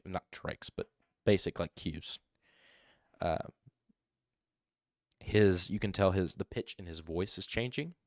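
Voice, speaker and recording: A man hosting a live commentary stream, talking in an animated way and mimicking voices to make his points. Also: deep voice, dry recording, studio quality. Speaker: livestream host.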